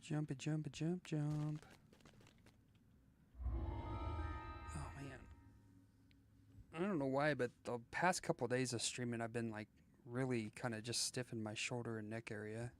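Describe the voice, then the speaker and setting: A man's voice: medium pitch, steady tone, a little slow, long pauses, soft background music. A man streaming a game and chatting casually, rambling with lots of fillers and playfully slipping into sing-song voices. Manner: rambling, with many "like" and "you know" fillers. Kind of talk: casual live gameplay chat.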